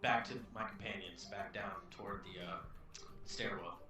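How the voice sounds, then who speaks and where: A man's voice: low-pitched, fairly even intonation, moderate pace. A man playing a tabletop game, talking hesitantly with many fillers. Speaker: player. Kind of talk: casual tabletop play. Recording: roomy echo, distant mic.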